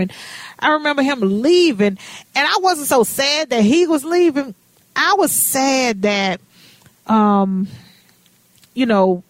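A woman's voice: mid-range voice, no room sound. A woman hosting a radio talk show, chatting casually with folksy turns of phrase.

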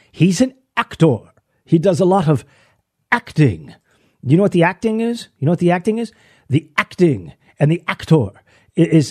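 A man's voice: fairly high pitch, a little mellow, husky. A man hosting a political commentary show, ranting and sarcastic, with many restarts. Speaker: host.

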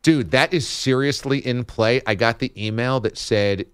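Male sports radio host, relaxed jokey banter, dry close sound. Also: medium pitch, normal speed, hardly any pauses, smooth, dry recording. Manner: laughing, joking, easygoing.

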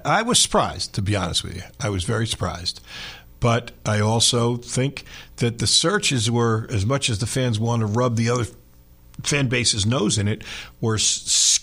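A middle-aged man hosting sports talk radio, telling stories in an animated, self-deprecating way. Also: mid-range voice, vocal fry, breathy edge.

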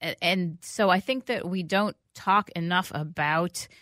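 A woman's voice: on the low side, measured pace, a bit bright, no room sound, clean studio sound. A woman hosting a food radio show, talking casually and rambling with many fillers, restarts and easy laughs. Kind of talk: casual talk radio chat.

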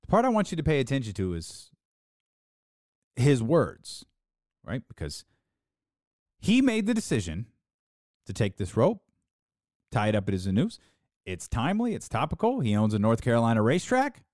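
Podcast host, sarcastic monologue, swooping animated pitch, mocking quotes, close dry mic. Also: no room sound. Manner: sarcastic, with mocking put-on quotes and dramatic pauses. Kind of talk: opinionated sports talk monologue.

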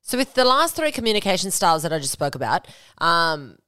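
A woman's voice: lowish voice, sing-song, brisk, pushed and bright, clear, resonant tone, no echo, studio quality. A young woman hosting a solo podcast, talking casually and bluntly, swearing freely. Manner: candid and blunt, swears freely, acts out quoted lines. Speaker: podcast host.

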